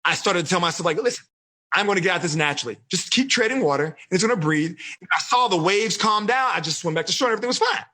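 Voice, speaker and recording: High, bright-voiced energetic male coach. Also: fast. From Texas. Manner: energetic, quizzing the audience. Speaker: life coach teaching teens. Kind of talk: live online seminar.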